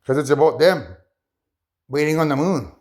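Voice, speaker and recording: A man rambling casually to his viewers, excitable and often breaking into laughter. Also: moderate pace. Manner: excitable, laughs often, rising into high bursts. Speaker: vlogger.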